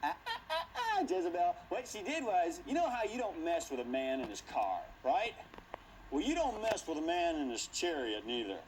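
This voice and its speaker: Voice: mid-range voice, sing-song, moderate pace, a little hiss or hum, poor audio. A Bible teacher telling a Bible story to a class in a playful, theatrical way, laughing and acting out the scenes.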